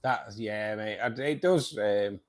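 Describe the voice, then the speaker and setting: A tired man with a lowish voice hosts a fishkeeping live stream, taking his time as he chats casually. He reads out viewer comments and calls everyone "mate," rambling and restarting his sentences.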